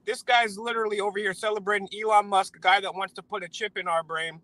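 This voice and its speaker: A man's voice: high voice, fairly even intonation, quick pace, pushed and bright, dry recording, rough recording. An American man co-hosting a live stream, ranting indignantly about politics with repeated words and stumbling restarts.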